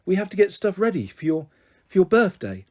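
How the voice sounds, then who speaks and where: A man doing a gentle, tactful mum. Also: sits high, big pitch swings. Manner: gentle, measured.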